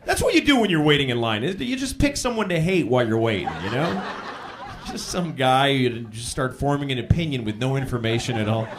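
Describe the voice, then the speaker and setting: A man's voice: medium pitch, sing-song, moderate pace, noisy background. Stand-up guy, crude and blunt, voice swings all over, crowd laughing. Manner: blunt, profane, wildly swinging delivery. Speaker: stand-up comedian. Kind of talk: stand-up comedy routine. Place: live comedy stage. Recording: live stage recording with crowd laughter.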